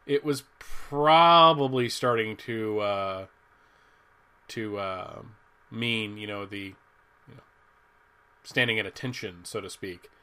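An American man in his forties co-hosts a podcast, chatting casually about comics. His voice is fairly low, clear, and resonant with a sharp edge, and he talks slowly with frequent pauses. He rambles, restarts often, and chuckles at his own jokes.

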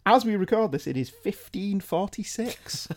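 A man's voice: sits high, animated, normal speed, a little mellow. A middle-aged man from England hosting a podcast in casual chat, wry and self-mocking. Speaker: podcast host.

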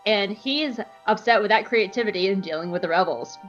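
A woman's voice: medium pitch, fairly quick, highs cut off, faint music behind. A woman hosting a podcast who recaps an episode in a playful, giggly, casual way. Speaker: podcast host.

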